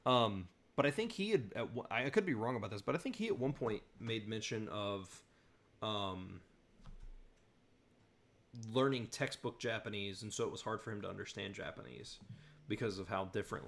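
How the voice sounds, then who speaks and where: A man's voice: on the low side, normal speed, creaky, fairly bright tone. A man hosting a casual question-and-answer chat, rambling with lots of fillers and restarts while he searches for names. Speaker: channel host answering viewer questions.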